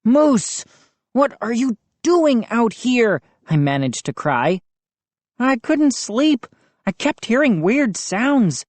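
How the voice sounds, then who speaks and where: Woman doing a big bully kid, high jeering voice, threatening, all over the place. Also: sing-song, takes it slowly, a little mellow, no room sound, exaggerated voice. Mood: taunting. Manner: taunting, threatening. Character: big bullying neighbor boy.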